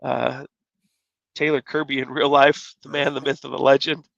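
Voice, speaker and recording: A man as host, thanking his guest in a steady, flat way. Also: medium pitch, moderate pace, gravelly, no room sound. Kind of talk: interview wrap-up. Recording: dull dry lo-fi audio.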